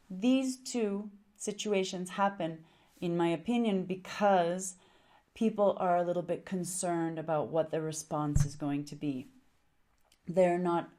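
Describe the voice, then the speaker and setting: A woman teaching English speaking skills at an unhurried, measured pace. Her pitch sits in the middle range. She explains steadily and acts out example sentences to show how the voice rises and falls. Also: warm tone. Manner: deliberate, demonstrates intonation with example sentences. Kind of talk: teaching to camera.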